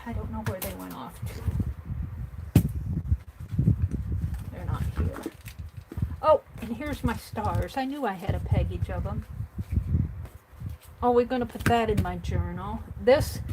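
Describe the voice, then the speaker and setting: A woman's voice: medium pitch, noisy background. A woman on a mixed-media art livestream, chatting casually and thinking aloud as she works in her home craft room. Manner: rambling, thinks aloud while working.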